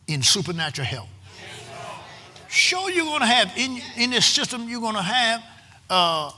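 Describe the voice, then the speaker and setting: A preacher, delivering a sermon with rhythmic call-and-response and frequent shouting. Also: male voice, high-pitched, husky. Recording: long hall reverb.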